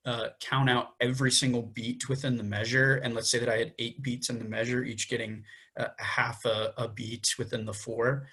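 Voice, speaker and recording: A man's voice: mid-range voice, flat delivery, a little fast, fairly bright tone, slightly rough. A young man co-hosting a podcast, explaining music theory step by step and counting beats aloud. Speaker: podcast co-host.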